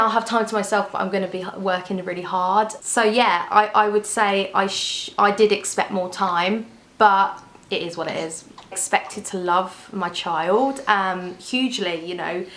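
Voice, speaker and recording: A woman's voice: mid-range voice, fairly even intonation, moderate pace, fairly bright tone. A young woman chatting candidly to camera as a vlogger, often restarting her sentences. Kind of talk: casual chat to camera. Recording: echoey room.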